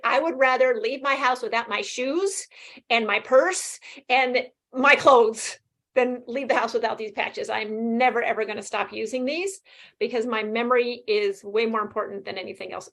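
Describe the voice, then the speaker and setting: Fast-talking animated woman in her fifties. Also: a little high. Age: 50s. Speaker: guest sharing her experience. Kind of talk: casual interview testimonial.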